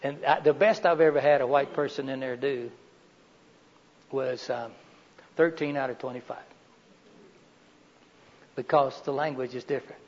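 A man's voice: mid-range voice, fairly even intonation, moderate pace, long pauses, a little mellow, slight background noise. A middle-aged man giving a live workshop talk in a meeting room, chatty and folksy, often asking the audience questions. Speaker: workshop lecturer. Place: meeting room with windows and a heater. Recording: dull reverberant room recording.

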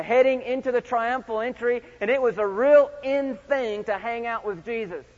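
A high-voiced middle-aged man preaches with big dynamic swings, booming one moment and dropping to near-quiet the next. His voice rings through a large church with long reverb, and the recording is slightly dull and muffled. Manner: dynamic preaching, swings from loud shouts to hushed tones. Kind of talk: sermon.

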